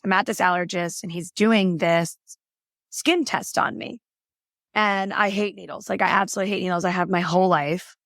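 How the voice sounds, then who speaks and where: A woman with a lowish, slightly bright voice is interviewed as a functional health practitioner, earnestly and chattily telling her story with plenty of "like" and "right?". The casual interview is recorded dry, with studio quality.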